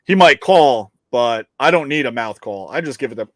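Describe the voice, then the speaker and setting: A man's voice: medium pitch, lively intonation, normal speed, very noisy. A man co-hosting a casual podcast chat, boastful and joking, swearing freely and trailing off into fillers. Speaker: co-host.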